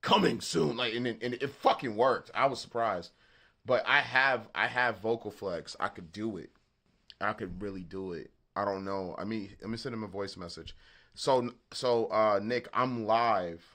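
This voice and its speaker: A man with a Southern accent hosting a beat-making livestream, chatting casually in a halting, rambling way and swearing freely. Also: fairly low pitch, bright, forceful tone. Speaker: beatmaker livestream host. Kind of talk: casual live-stream chat.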